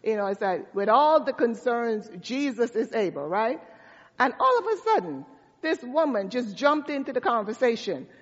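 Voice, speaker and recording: A woman's voice: a little high, sing-song, moderate pace. Lady pastor preaching, kinda muffled recording, big echoey church, talks to the folks like she's chatting. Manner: storytelling, conversational preaching with asides to the congregation. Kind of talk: sermon. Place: church sanctuary. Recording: dull sound with long hall reverb.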